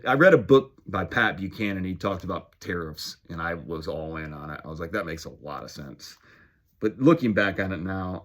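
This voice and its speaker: A man in his forties talking in a rambling, self-deprecating, upbeat casual monologue for his vlog. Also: low-pitched. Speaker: vlogger.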